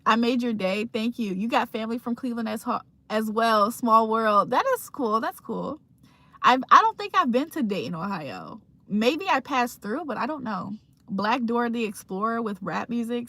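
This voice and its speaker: Laid-back chatty woman, slightly high voice. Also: sharp tone. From Virginia, USA. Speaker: livestream host. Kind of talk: casual chat reading live comments.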